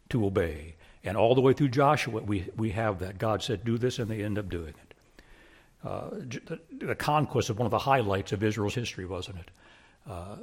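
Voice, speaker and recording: Man, preacher, sermon, husky voice, emphatic, repeats phrases, loud-to-hushed swings. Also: mid-range voice.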